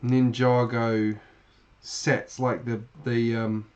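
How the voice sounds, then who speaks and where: A man's voice: medium pitch, flat delivery, very slow, a little mellow, highs cut off. British man, channel host, loose and chatty live-stream talker, mid-range voice, wanders through his sentences. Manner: chatty, rambling, many fillers and restarts. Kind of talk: casual live-stream chat while building.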